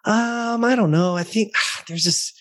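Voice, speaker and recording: A man's voice: high voice, fairly bright tone, pitched above the performer's own voice. A man voicing a hesitant woman client who stumbles over her answers. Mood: flustered. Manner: halting, unsure.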